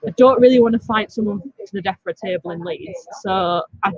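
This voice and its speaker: A woman's voice: medium pitch, fairly quick, dull audio. A woman with a Yorkshire accent, a bar manager chatting casually in a pub garden, rambling and laughing easily. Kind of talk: casual chat. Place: outdoor pub garden, off camera.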